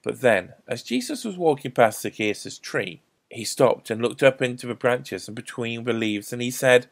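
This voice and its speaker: A man's voice: medium pitch, gravelly. A man telling a Bible story to children at a school assembly, theatrical with repeated refrains. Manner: animated, repetitive refrains, theatrical pauses.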